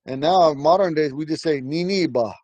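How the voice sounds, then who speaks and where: A middle-aged man with a slightly high voice leads a casual language class. He talks in loose, rambling stories and breaks into chuckles as he goes. The sound is dry and close. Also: fast talker, darkish tone, dry recording, poor audio. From Ponca community, Nebraska. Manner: rambling storytelling, chuckles often. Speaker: language teacher. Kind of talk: informal language lesson.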